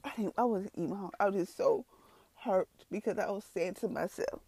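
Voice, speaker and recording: Tearful woman, warm. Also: medium pitch, brisk, breathy edge, no room sound. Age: adult with three children. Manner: rambling, repeats herself, speaks to listeners as y'all. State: tearful at times. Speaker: person giving a testimony. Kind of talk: emotional personal testimony.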